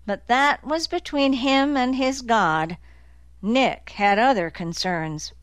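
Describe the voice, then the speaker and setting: Woman audiobook narrator, slow measured reading, smooth clear voice, dry close sound. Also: a little high, dry recording. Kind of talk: scripted narration.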